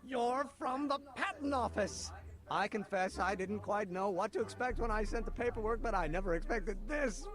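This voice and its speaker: A man voicing a high-strung, eager young male inventor in a video game, speaking in a frantic, exclamatory way. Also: expressive, moderate pace. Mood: excited. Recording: game audio with music behind.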